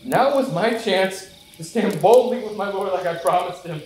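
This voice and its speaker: A man's voice: sits high, normal speed, a little mellow, slight background noise, natural voice. A man playing a remorseful apostle Peter in an earnest stage monologue, telling his story in the first person. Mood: tense. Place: church stage. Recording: echoey church hall, mic far off.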